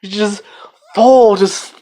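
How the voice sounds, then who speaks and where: Woman gushing about an anime, rambly and sweary, retells scenes all excited. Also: mid-range voice, extremely slow. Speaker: anime reviewer. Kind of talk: casual spoken review.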